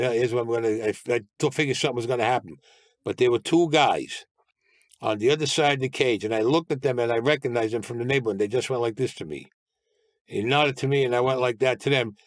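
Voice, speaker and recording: A man's voice: mid-range voice, dry recording, clean studio sound. A man telling his own story as a podcast guest, in a blunt, streetwise way and mostly in the present tense. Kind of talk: storytelling interview.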